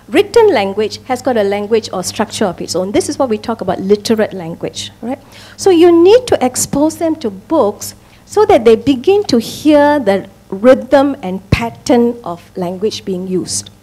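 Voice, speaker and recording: Woman presenter, fairly high voice, emphatic talk to parents with frequent check-ins. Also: mellow, slightly rough. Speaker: speaker at a parents' education talk.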